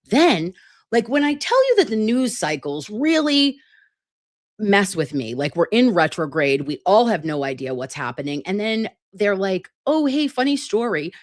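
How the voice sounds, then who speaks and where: A woman's voice: mid-range voice, very animated, a little slow, no echo, clean studio sound. Profane, chatty woman show host. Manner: profane, heated ranting with sudden asides; chatty, addresses viewers directly. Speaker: host of a case news commentary show. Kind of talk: casual livestream commentary.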